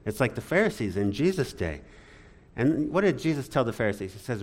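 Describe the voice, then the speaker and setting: Male pastor, sermon, lively swooping pitch, dramatic emphasis, mid-range voice. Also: brisk. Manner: dramatic, emphatic preaching with sudden rises and drops.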